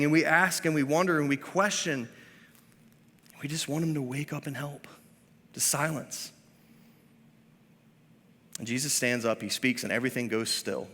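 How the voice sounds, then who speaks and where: A man in his thirties preaching a sermon as pastor. He swings between hushed, drawn-out lines and loud, emphatic ones, with self-deprecating asides. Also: medium pitch. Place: church. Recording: reverberant church sanctuary.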